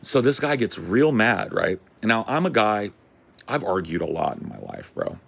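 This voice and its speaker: A man hosting a podcast, telling a rambling story in a casual, profane, animated way. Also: fairly low pitch, normal speed, gravelly. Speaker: podcast host.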